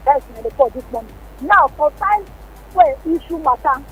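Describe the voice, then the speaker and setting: High-pitched Nigerian Pidgin caller. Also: female voice, expressive, normal speed, fairly bright tone, slight background noise. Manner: impassioned, pleading and repetitive. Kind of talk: phone-in complaint. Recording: tinny phone line.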